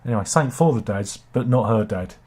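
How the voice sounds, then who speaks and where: A man's voice: fairly low pitch, animated, fast talker, darkish tone. A man with a British accent hosting a casual satirical news chat, rambling and self-deprecating with asides. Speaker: host.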